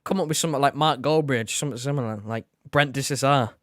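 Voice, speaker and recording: A man's voice: mid-range voice, fast talker, no room sound. A man with a Dublin accent co-hosting a football watch-along, laid-back and making dry remarks. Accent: Dublin Irish. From Dublin, Ireland. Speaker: co-host.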